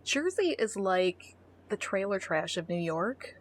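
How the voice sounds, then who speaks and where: A woman's voice: medium pitch, very animated, measured pace, a little hiss or hum. A middle-aged woman co-hosting a podcast in casual chat, reading a dating profile aloud with blunt, sarcastic comments and free swearing. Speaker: podcast co-host.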